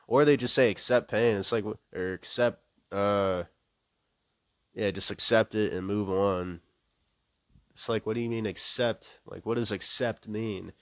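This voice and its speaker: A man's voice: lowish voice, fairly bright tone, dry recording. A young man in an unscripted rant, profane and rambling, with wry laughs and many fillers, speaking close to a microphone. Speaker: vlogger.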